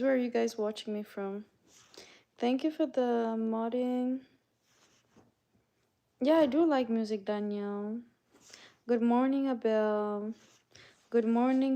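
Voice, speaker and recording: A woman from Canada hosts a casual livestream. She chats with her viewers and reads their messages aloud. Her voice sits a little high and she talks at an unhurried pace. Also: mellow. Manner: chatty, reads out chat messages and greets viewers by name. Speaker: livestream host. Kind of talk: casual live-stream chat with viewers.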